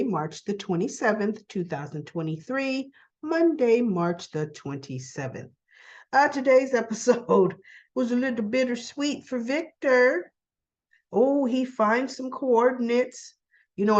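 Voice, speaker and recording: A woman's voice: medium pitch, lo-fi sound. A woman hosting a casual soap opera recap, chatting through the episode and acting out the characters' lines as she goes.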